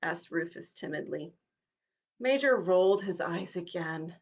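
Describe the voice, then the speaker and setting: A woman children's minister giving a live storytime, reading a picture book aloud to children with an expressive read-aloud manner. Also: lowish voice, unhurried, lo-fi sound. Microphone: livestream device.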